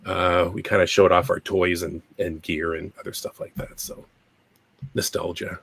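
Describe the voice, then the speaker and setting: A man's voice: low-pitched, little pitch movement, moderate pace, vocal fry, breathy edge. A middle-aged Canadian man hosting a podcast, chatting in a rambling, self-deprecating way while getting over a cold. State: recovering from a cold. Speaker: podcast host. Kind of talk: casual podcast chat.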